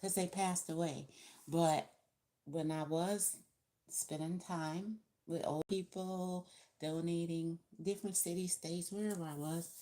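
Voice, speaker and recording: Woman, deep low voice, casual tarot reading chat, talkative, laughs, acts out quotes. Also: fairly even intonation, unhurried, warm tone. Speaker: tarot reader.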